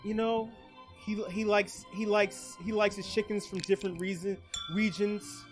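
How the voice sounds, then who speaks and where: A woman's voice: medium pitch, fairly even intonation, moderate pace, soft background music. Joking, slangy woman hosting game night. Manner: loud, joking, slangy banter with put-on voices. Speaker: trivia night host. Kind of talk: casual streamed game commentary.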